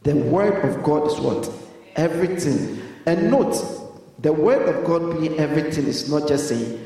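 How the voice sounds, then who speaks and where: A man preaching a sermon as pastor, pausing so the congregation can finish his sentences in call-and-response. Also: fairly high pitch, warm tone. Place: church hall. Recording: echoey hall, voice from far off.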